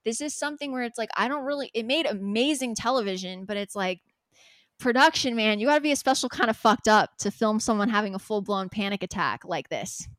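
A young woman telling a story on a podcast in a lively, unfiltered way. She swears freely and acts out the lines of the people in her story. The sound is dry and close, with no room echo. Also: on the high side, fairly quick. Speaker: podcast co-host. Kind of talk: casual storytelling chat.

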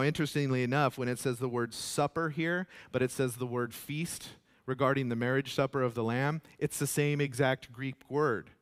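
A man preaching a sermon as pastor, animated and often repeating words. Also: medium pitch, smooth.

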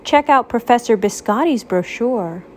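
Woman doing Baron von Waffle, a fussy high-pitched waffle noble. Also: lively intonation, normal speed, slight background noise, lightly acted. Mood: haughty. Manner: dramatic, fretful, stammering. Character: sad misunderstood male waffle nobleman.

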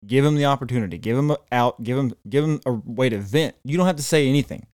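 A man's voice: medium pitch, fast talker, darkish tone, no echo, clean studio sound. Blunt, sarcastic male podcast co-host. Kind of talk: casual podcast chat.

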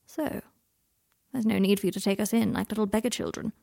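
A woman's voice: medium pitch, fairly even intonation, a little fast, vocal fry, dark tone. A woman voicing a proud, guarded young man in an audiobook, clipped and prickly in manner. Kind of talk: audiobook character voice.

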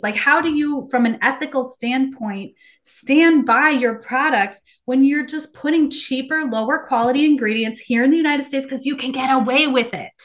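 Passionate, higher-pitched woman guest. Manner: passionate, frustrated, earnest. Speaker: podcast guest, company founder. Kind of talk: casual conversation.

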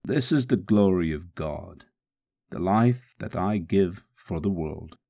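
A slow, gravelly man voicing a suffering savior, praying with steady tenderness while in pain. The voice is husky and worn, each phrase measured and solemn. A devotional first-person dramatic reading. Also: deep voice, exaggerated voice.

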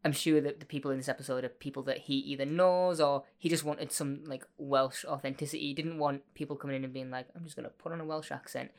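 A woman's voice: rumbling low, fairly even intonation, fast, hardly any pauses, darkish tone. A woman co-hosting a podcast, chatting casually in a rambling, playful, self-deprecating way. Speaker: podcast co-host. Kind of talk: casual chat.

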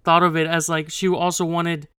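A man's voice: on the high side, flat delivery, moderate pace, fairly bright tone, clear, resonant tone, no room sound, clean studio sound. A young man co-hosting a podcast, talking things through in a hesitant way, restarting often and laughing off tension. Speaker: podcast co-host. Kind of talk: heated casual discussion.

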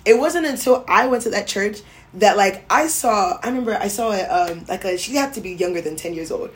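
A young adult woman co-hosting a podcast, telling stories in an animated, chatty way. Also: medium pitch, brisk. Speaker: podcast co-host. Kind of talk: casual chat.

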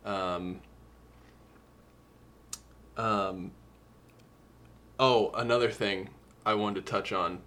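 Low-voiced man discussing songs. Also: steady tone, very slow, pauses often, bright, forceful tone. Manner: emotional, earnest, quotes lyrics at length. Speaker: podcast co-host. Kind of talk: casual music review chat.

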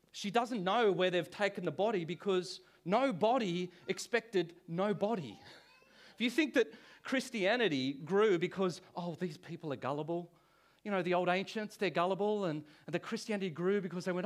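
A man, a pastor, preaching a sermon in church with animated, conversational delivery and frequent restarts. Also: high-pitched, moderate pace.

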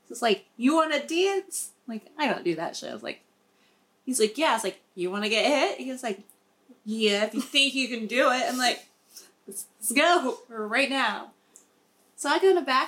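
Young woman with a high voice, cussing her way through a wild story, casual podcast chat. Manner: profane storytelling, animated. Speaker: podcast co-host.

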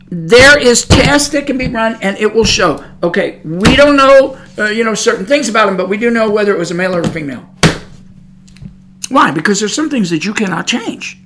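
A woman's voice: on the high side, fairly bright tone. A woman preaching on a podcast, emphatic and scolding, repeating her points. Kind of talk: preaching monologue.

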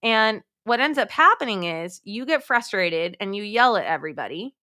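Bright, emphatic woman coaching moms. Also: mid-range voice, moderate pace. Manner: emphatic, direct, addresses listeners as "my friends"; acts out quoted thoughts in lively voices. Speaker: guest, mom coach. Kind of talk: podcast interview.

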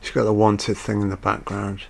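A man's voice: fairly low pitch, monotone, moderate pace, creaky. A man giving a crude, joking, off-the-cuff film commentary at home. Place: at home with a dog.

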